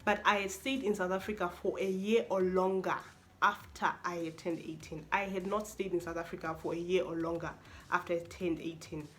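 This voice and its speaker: A young woman, a university student, telling an expressive, exasperated story-time vlog with lots of repetition. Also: lowish voice, a little fast, faint music behind. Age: young adult.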